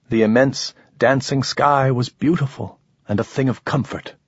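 A man reading a story aloud in measured, even scripted narration. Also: medium pitch, slightly rough, no room sound. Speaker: audiobook narrator. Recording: dull lo-fi recording.

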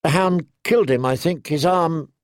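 A man's voice: a little high, moderate pace, smooth, no echo, clean studio sound, pitched above the performer's own voice, natural voice. A man voicing a frightened young noble girl. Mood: shaken.

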